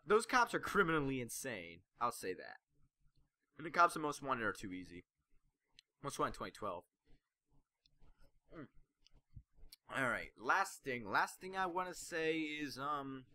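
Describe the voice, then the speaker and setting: A man's voice: medium pitch, bright, forceful tone, dry recording. A man making a casual gaming video, rambling through his suggestions with many fillers and sometimes losing his train of thought.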